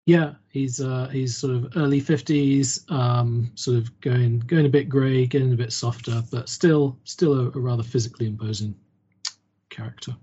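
A man's voice: medium pitch, fairly even intonation, normal speed, warm tone, husky. A man playing a tabletop game, describing his character in a hesitant, jokey way with many fillers. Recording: dull lo-fi sound.

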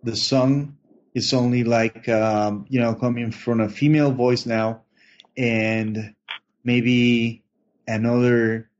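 A man running a tabletop horror game as game master, narrating slowly with many fillers and pauses. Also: mid-range voice, a little mellow. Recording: dull lo-fi online voice chat.

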